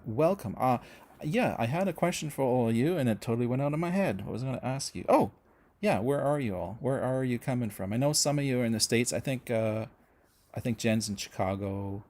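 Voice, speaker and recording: A middle-aged Canadian man with a medium-pitched, somewhat dark voice hosts a laid-back livestream on a music channel. He chats with viewers and rambles through their comments, full of fillers and restarts.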